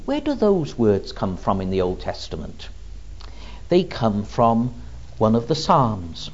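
Male preacher, sermon, unhurried and deliberate, lively rises and falls, muffled lo-fi recording. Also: on the low side. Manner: slow and deliberate, with rhetorical questions. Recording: dull lo-fi recording.

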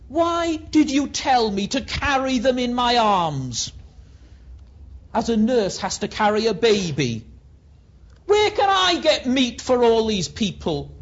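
Preacher doing a desperate old prophet crying out to god, husky, drawn out, muffled old tape. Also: medium pitch. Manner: pleading and shouting in despair. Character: anguished old male prophet pleading with God. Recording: dull lo-fi recording.

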